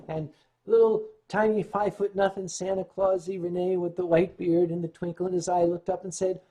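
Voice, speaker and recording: Husky-voiced man telling stories. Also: high-pitched, normal speed. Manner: clears throat often between story beats; animated retelling with shifting loudness. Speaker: livestream host. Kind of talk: anecdotal storytelling.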